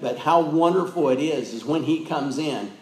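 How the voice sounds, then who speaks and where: Male pastor, raised-pitch fervent sermon delivery, echoey church room. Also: normal speed, darkish tone. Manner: fervent preaching, frequent calls of amen.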